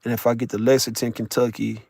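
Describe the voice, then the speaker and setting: A man's voice: mid-range voice, flat delivery, fast, a little mellow, dry recording, clean studio sound. A man live-streaming from his vehicle while driving for work, chatting loosely with viewers in a boisterous, profane way and laughing often. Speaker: live streamer talking to chat. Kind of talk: casual live-stream chat.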